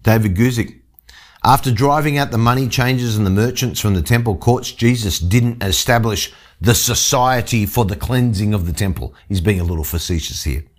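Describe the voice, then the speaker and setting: A man's voice: fairly low pitch, normal speed. A man preaching a sermon, reading scripture aloud and explaining it verse by verse. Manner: expository, reads scripture then explains. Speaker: pastor. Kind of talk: sermon teaching.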